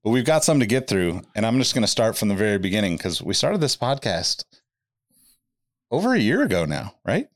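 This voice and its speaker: A man hosting a casual podcast chat, easygoing and pausing often with fillers as he talks. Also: lowish voice, big pitch swings, no room sound, clean studio sound. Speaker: podcast host.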